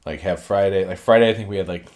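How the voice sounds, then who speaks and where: A man co-hosting a podcast, joking around in easygoing chat over beers. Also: quick pace. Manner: joking, easygoing, swings between low mumbles and loud laughing bursts. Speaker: podcast co-host.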